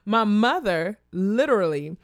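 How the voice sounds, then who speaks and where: A woman from Kansas telling a personal story in a casual, animated way, acting out other people's voices. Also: unhurried, no room sound. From Wichita, Kansas, USA. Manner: animated, acts out quoted voices in a high pitch; addresses listeners directly and casually.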